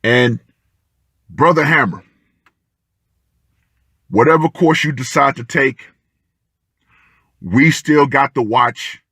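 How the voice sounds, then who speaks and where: A man giving ranting commentary with emphatic, deliberate, punchy declarations. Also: mid-range voice, sharp tone, breathy edge, dry recording, studio quality. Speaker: online commentator.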